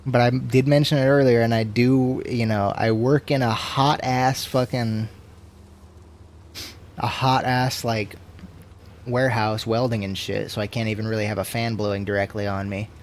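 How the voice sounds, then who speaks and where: A man in his twenties chatting casually to his stream, tipsy, swearing a lot and swinging between loud rants and low mumbles. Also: flat delivery, normal speed. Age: 20s. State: tipsy from drinking.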